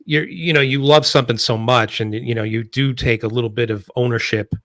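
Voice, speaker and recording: A man's voice: mid-range voice, steady tone, a little fast, a bit bright, no echo. A man in casual podcast chat, chatty and rambling, often repeating words.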